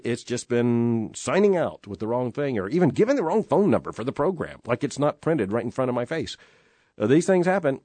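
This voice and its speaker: A man's voice: mid-range voice, a little mellow, dry recording. A middle-aged man hosting a radio show from a studio, talking in an earnest, emphatic way with lots of "uh" fillers. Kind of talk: reflective radio talk. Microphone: studio microphone.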